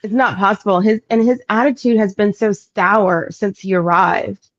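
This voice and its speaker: A woman's voice: mid-range voice, steady tone, normal speed. A woman from the United States co-hosting a casual recap chat, chatty and agreeable, backing up the other host. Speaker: podcast co-host. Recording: dull lo-fi call audio.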